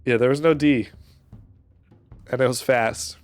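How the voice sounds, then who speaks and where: A man's voice: medium pitch, fairly even intonation, a little slow, soft background music. A man with a neutral American accent running a tabletop game on a live stream, joking, swearing and laughing often. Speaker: game master. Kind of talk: casual banter on a stream.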